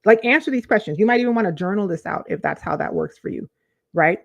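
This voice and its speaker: Woman life coach, talking to camera, lively, repeats key phrases. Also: mid-range voice, fast, vocal fry, highs cut off. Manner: animated, conversational, repeats phrases for emphasis. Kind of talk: direct-to-camera coaching talk.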